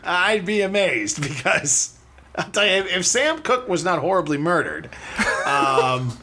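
A man's voice: high voice, big pitch swings, measured pace, noisy background. A man hosting a casual podcast, chatty and laughing often as he wanders between topics. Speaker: podcast host.

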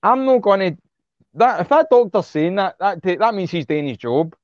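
Man, guest on a call interview, blunt and heated, swears a lot; fairly high voice, dry, dull lo-fi audio. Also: expressive, normal speed, no echo. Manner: blunt, heated, swears freely, repeats words when worked up. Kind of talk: impassioned casual interview talk.

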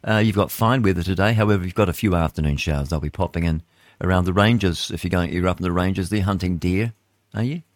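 A man's voice: sits low, fast, dry recording. A man with a New Zealand accent hosting talk radio, reading the weather in a rambling, chatty way full of asides. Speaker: radio host.

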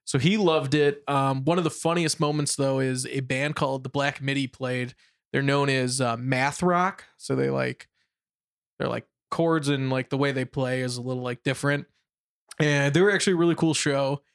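A young man, chatting casually on a show and telling animated stories about his weekend, acting out his friends' voices. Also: mid-range voice, normal speed, clean tone. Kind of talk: casual chat.

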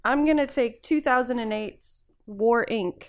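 A woman on a podcast panel, talking in a relaxed, easygoing way with lots of fillers. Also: fairly high pitch, a little slow. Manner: relaxed, laughs easily, many fillers. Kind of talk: casual chat.

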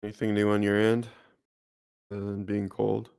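A man's voice: on the low side, completely flat delivery, normal speed, creaky, a little mellow, smooth. A young man co-hosting a podcast, talking in a laid-back, rambling way and laughing easily. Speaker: podcast co-host. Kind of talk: casual chat.

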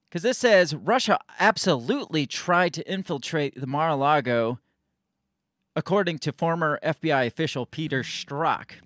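A man's voice: a little high, a bit bright, no echo, studio quality. A man hosting casual political commentary, sarcastic and rambling, often restarting his sentences and reading news excerpts aloud.

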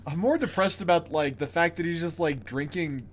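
Sarcastic man with a higher voice. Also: moderate pace, slight background noise. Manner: sarcastic, swears freely. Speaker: podcast co-host. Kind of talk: casual chat.

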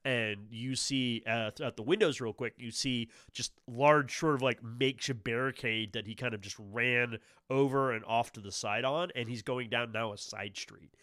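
A man's voice: mid-range voice, normal speed, hardly any pauses, sharp tone, dry recording, clean studio sound. A man narrating as game master of a tabletop game, rambling with lots of fillers and restarts.

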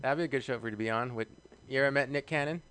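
Male podcast host with a mid-pitched voice, riffing loosely, laughing and swearing as he goes. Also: racing, fairly bright tone, clear, resonant tone. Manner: laughs often, swears, rambling restarts. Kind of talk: casual comedic chat.

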